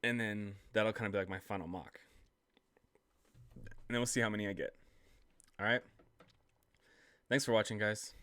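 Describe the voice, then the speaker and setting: A man's voice: on the low side, fairly even intonation, normal speed, long pauses, pushed and bright, no echo. A young man doing casual solo sports commentary, rambling and self-deprecating with lots of fillers. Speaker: sports vlogger.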